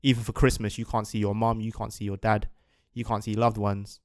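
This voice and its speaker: A man's voice: lowish voice, flat delivery, brisk, no room sound, clean studio sound. A young man hosting a podcast over a video call, laid-back and laughing often in casual chat. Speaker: podcast host.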